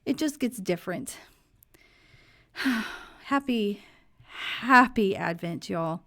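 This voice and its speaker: A woman, hoarse and losing her voice, giving her opinions in a casual, chatty vlog. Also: mid-range voice, expressive, slow pace, fairly bright tone. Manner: chatty, opinionated, faith-focused. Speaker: vlog host.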